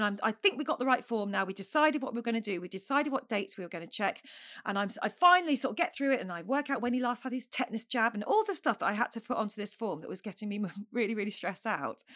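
A woman in her forties, co-hosting a podcast, telling stories in a chatty, animated way and acting out her own outbursts. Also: on the high side. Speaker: podcast co-host. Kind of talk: casual chat.

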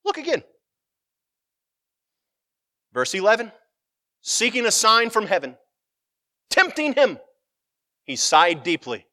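A man's voice: high voice, unhurried, dry recording, studio quality. A man preaching a sermon, reading scripture aloud and retelling it with humor, acting out the quotes. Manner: animated storytelling, acts out quotes, finds scripture funny.

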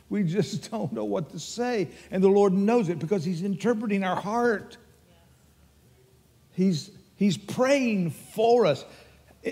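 Older Texan pastor preaching in a hall. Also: male voice, a little high, slightly rough. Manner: earnest storytelling preacher, warm and emphatic. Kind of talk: sermon.

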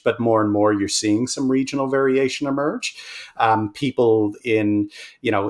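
A man speaking in a middle-pitched, ordinary voice, guesting on an interview. He explains eagerly and at length, with plenty of ums and restarts. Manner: enthusiastic, explanatory, many fillers. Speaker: language scholar guest. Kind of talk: conversational interview.

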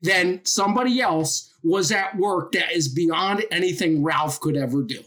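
A woman telling a Bible story as an informal sermon, animated and full of rhetorical questions. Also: fairly low pitch, a little slow.

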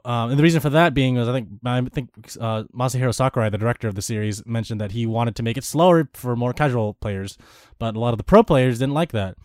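A man's voice: medium pitch, a little mellow, clear, resonant tone, no room sound. Dry-voiced young man chatting casually. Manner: rambling, with restarts and fillers. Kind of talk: casual gaming chat.

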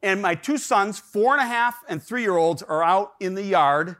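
A middle-aged man with a fairly high voice tells a personal story to a room. He rambles, restarts his sentences and fills pauses, and his telling turns animated as it goes on. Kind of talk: storytelling talk.

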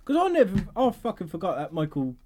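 A man's voice: high-pitched, huge pitch swings, fast, a little mellow. A man co-hosting a podcast in casual, sweary chat, laughing often. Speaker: podcast co-host.

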